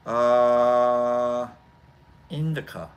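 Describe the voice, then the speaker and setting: A man hosting a casual chat show, talking in a rambling, halting way full of fillers and restarts. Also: medium pitch, steady tone, dull audio. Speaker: host. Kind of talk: casual chat while smoking.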